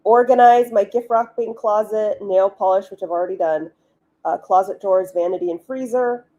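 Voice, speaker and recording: An author hosting a live writing stream speaks in a mellow, medium-pitched voice at a moderate pace. She chats casually with viewers, is chatty and giggly, laughs often, and fills her speech with "like."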